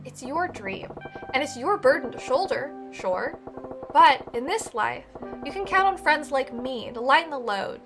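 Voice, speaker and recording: A woman's voice: high-pitched, lively intonation, unhurried, music in the background. A woman reading the lines of a brash, protective male yakuza boss in a blunt, scolding, streetwise way. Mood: gruff, caring.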